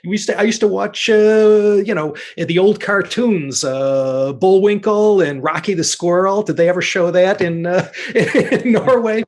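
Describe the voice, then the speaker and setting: A man's voice: high voice, measured pace, hardly any pauses. A man in his sixties from the United States, talking casually as an interview guest, rambling with many restarts and fillers. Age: 60s. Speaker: guest expert.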